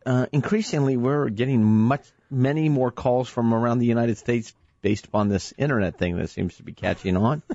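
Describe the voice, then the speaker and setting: A man's voice: medium pitch, moderate pace, few pauses, warm tone, no room sound. Teasing male radio co-host, lo-fi. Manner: teasing, playful joker. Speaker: radio show co-host and financial advisor. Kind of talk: casual radio banter. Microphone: studio microphone.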